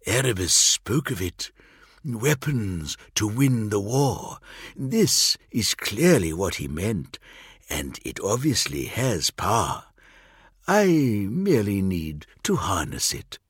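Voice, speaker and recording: Guy doing a zealous dark priest, hissy and fervent, slow and husky, pitched up high. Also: very animated, no room sound, clean studio sound, exaggerated voice. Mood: conspiratorial. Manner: impassioned, rising, hissing.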